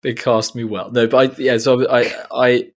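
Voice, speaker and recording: An actor co-hosting a podcast, hesitant and halting in casual chat. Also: male voice, mid-range voice, little pitch movement. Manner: hesitant, lots of fillers and restarts.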